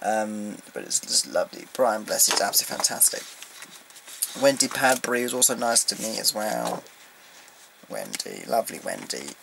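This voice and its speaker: A man in a casual home vlog, recapping a fan event in an excitable, rambling way with lots of ums. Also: fairly low pitch, normal speed, gravelly, noisy background. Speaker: vlogger. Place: indoors at home, beside his collection.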